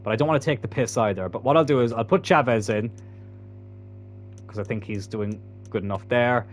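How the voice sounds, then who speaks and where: A man's voice: mid-range voice, brisk, a little hiss or hum. A man giving casual, chatty commentary while playing a football video game, swearing freely. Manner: chatty, swearing, bursts into loud laughter. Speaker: gaming YouTuber.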